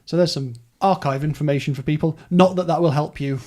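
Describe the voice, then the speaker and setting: A man's voice: on the high side, fairly even intonation, fairly quick, mellow. A man hosting a casual podcast chat, rambling through details in a chatty way. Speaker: podcast host. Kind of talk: casual book-club chat.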